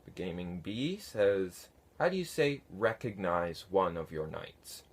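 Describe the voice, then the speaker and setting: Slow, low-voiced man chatting casually. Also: animated, breathy edge. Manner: unhurried, halting, with many fillers. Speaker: fan conlang vlogger answering comments. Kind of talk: casual talk to camera.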